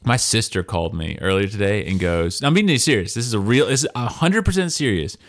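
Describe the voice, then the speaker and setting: A man's voice: on the low side, animated, fairly quick. A man co-hosting a casual podcast, rambling and chatty, reading list items aloud between stories. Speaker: podcast co-host.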